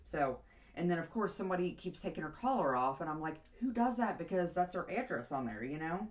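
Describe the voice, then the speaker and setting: A woman's voice: sits low, lively intonation, fast talker. A young woman vlogger telling a long casual story while doing her hair, rambling and chatty, sometimes muttering to herself.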